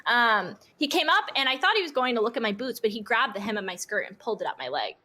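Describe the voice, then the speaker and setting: A young woman guesting on a podcast, telling animated, casual stories, acting out what people said and swearing freely. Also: on the high side, fast talker. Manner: animated storyteller who acts out quotes and swears freely. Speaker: guest streamer. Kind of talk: casual podcast interview chat.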